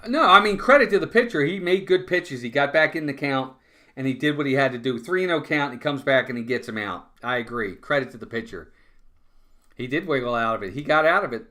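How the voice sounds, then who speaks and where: A man doing live fan play-by-play of a baseball game, talking to his chat and venting when calls go against his team. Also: medium pitch. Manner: excitable, groans and vents frustration at calls.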